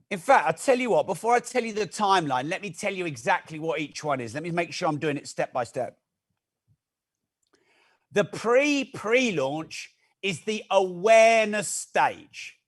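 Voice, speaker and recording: A man leads a live online masterclass, his voice pitched high for a man. He talks fast and chatty, breaking off to joke with viewers and call out their names. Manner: energetic, chatty, jokey asides to viewers. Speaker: masterclass host. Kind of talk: live-streamed teaching talk.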